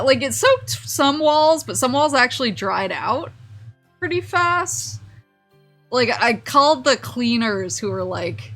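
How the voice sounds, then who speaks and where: A woman's voice: on the high side, fairly bright tone. A woman vtuber chatting casually on stream, telling a rambling story with frequent laughs, restarts and fillers.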